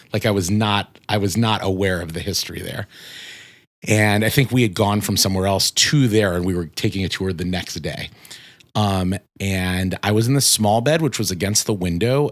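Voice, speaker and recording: A man's voice: low-pitched, no room sound. A man in his forties telling a personal ghost story as a podcast guest, casually and with lots of filler words. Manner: rambling, full of "like" fillers.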